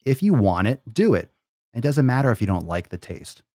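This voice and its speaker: A man's voice: mid-range voice, very animated, a little fast, mellow, no room sound, studio quality. A man ranting in a blunt, profane way, sometimes mocking whiny excuses in a silly voice. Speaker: fitness vlogger. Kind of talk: profane motivational rant.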